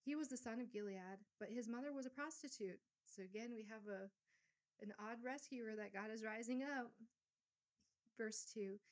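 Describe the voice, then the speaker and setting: A woman leads a Bible study, reading verses aloud and then putting them in plain everyday words. Her tone stays casual and conversational between the readings. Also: on the high side. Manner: reads scripture aloud, then paraphrases in casual asides.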